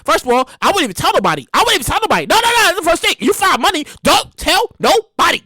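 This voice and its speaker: A woman podcast host giving comedic news commentary in an animated, exclaiming way, often repeating herself. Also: very high voice, fast talker, hardly any pauses, no room sound.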